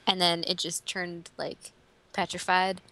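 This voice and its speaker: A woman's voice: fairly low pitch, completely flat delivery, unhurried, sharp tone. Chatty woman co-hosting a podcast. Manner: chatty, overthinks questions with many "like"s. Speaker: podcast co-host. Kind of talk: casual group chat.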